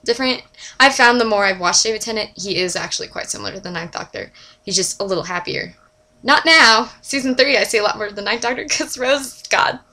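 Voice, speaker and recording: Young woman vlogger, bright tone, gushing casual fan chatter with sudden whispers and squeals. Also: mid-range voice, a little fast. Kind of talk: casual fan chat to camera.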